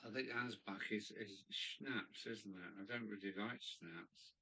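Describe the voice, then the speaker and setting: A man's voice: on the low side, measured pace, bright, forceful tone, poor audio. A man hosting a live stream, chatting casually and rambling as he muses aloud and answers viewers. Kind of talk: casual chat reading viewer comments. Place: hobby room in a loft.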